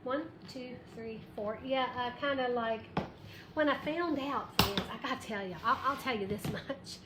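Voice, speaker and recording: A woman with a slightly high voice hosts a craft livestream from her shop at a moderate pace. Bubbly and chatty, she greets viewers by name and counts aloud as she works, while the echoey room carries background noise.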